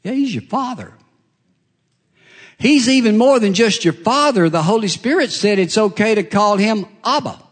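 A middle-aged man preaching a sermon in a conversational way, pausing and restarting, his pitch swinging up and down. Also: lively intonation. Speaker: pastor.

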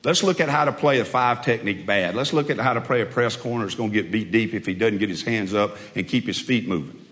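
A man's voice: fairly low pitch, quick pace, a bit bright, big-room sound. A man who coaches football, preaching a sermon with folksy storytelling and emphatic repetition.

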